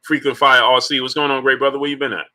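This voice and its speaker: A man's voice: medium pitch, fast. A man hosting a live-streamed sports talk show, arguing his points with emphatic repetition and greeting chat viewers by name. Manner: animated, rhetorical, repeats points emphatically.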